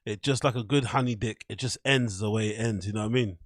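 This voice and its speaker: A man's voice: fairly low pitch, fast talker, no room sound, studio quality. A man hosting a casual commentary show, swearing freely, laughing often and talking to his chat viewers. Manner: crude, swearing, laughs a lot; chats to live chat viewers. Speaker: show host. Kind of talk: casual commentary on online clips.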